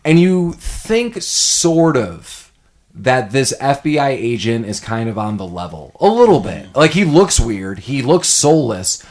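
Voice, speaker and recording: Man, podcast co-host, casual movie chat, lively plot recap, acts out quotes, mid pitch. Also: measured pace. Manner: animated retelling with acted-out quotes.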